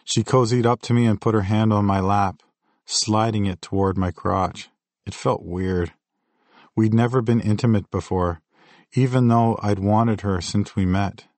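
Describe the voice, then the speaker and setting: A man reads his memoir aloud in a scripted audiobook style. His telling is candid and reflective, in a fairly low voice. The sound is dry and close, with no room echo. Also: fairly even intonation, a little slow, a little mellow. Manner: candid, reflective first-person storytelling. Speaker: memoir narrator.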